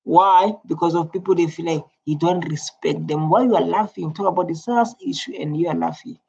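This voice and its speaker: A man with a South African accent giving casual, chatty reaction commentary, repeating himself and filling pauses with "like". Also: a little high, gravelly, darkish tone, breathy edge. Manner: chatty, repetitive, filler-heavy. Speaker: YouTube reactor. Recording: lo-fi muffled home recording.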